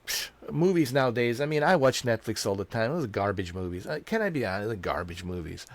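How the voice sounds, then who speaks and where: Low-voiced man, emotional gaming commentary. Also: expressive, fast, no echo. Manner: emotional, repetitive, slangy with "dude". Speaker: gaming video creator. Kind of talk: casual story commentary.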